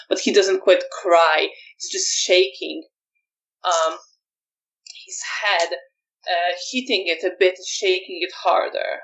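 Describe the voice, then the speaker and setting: Woman storyteller, low voice, very slow, set back from the mic. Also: fairly even intonation, fairly bright tone, recorded from a distance, low-quality recording. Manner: measured, hesitant with ums. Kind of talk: narrating a tabletop game.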